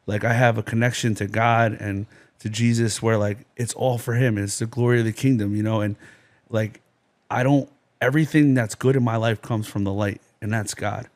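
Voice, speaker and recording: A man's voice: fairly low pitch, fairly even intonation, normal speed. A man from New Jersey, a podcast guest, telling his life story in an intense, rambling way, full of "you know" and "like". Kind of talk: personal testimony in a podcast interview.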